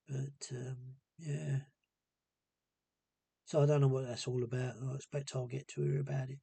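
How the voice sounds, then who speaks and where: A man talking casually to camera in a hesitant, rambling and subdued way, with a gravelly, husky voice. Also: medium pitch, level tone, moderate pace, pauses often, dark tone, no echo. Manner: hesitant and rambling, many ums. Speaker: vlogger. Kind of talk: casual personal monologue.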